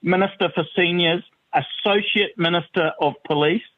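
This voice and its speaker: A man's voice: high-pitched, normal speed. A man from New Zealand giving opinionated political commentary on a talk radio show, calling in by phone and stressing his words emphatically. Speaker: guest commentator. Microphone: phone call. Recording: tinny phone line.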